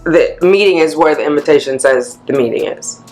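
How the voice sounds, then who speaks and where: A woman vlogger chatting candidly to camera, a blunt and animated storyteller letting off steam. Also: low voice, a little fast, soft background music. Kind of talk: candid vlog chat.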